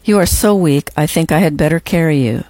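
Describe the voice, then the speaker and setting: A reader voicing a kind, gentle male spirit who speaks softly and patiently, in an audiobook reading. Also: medium pitch, a little fast, no room sound, lightly acted. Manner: soft, patient, reassuring.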